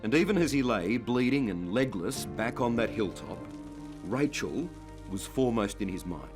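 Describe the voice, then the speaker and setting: A man narrating a TV current affairs story in a measured, storytelling way. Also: fairly low pitch, very animated. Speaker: reporter narrator. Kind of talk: scripted TV narration. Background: music underscore.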